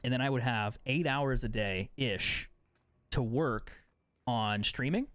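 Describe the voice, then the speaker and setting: A man's voice: mid-range voice, slow pace, a bit bright, clear, resonant tone, no echo. A young man streaming a game live, chatting casually and sarcastically, swearing freely. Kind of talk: casual chat while gaming live.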